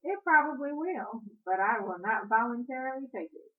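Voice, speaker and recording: A woman's voice: fairly high pitch, lively intonation, moderate pace. Blunt woman on a tinny line. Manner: blunt and emphatic. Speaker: podcast co-host. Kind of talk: casual couple's chat. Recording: tinny phone-like audio.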